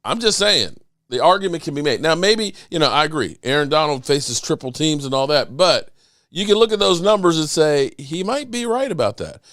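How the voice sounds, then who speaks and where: A man's voice: a little high, very animated, fairly quick, dry recording, studio quality. Chatty middle-aged male sports host. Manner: rambling, chatty, with shout-outs to viewers. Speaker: podcast host. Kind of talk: casual sports talk show. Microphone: desk microphone.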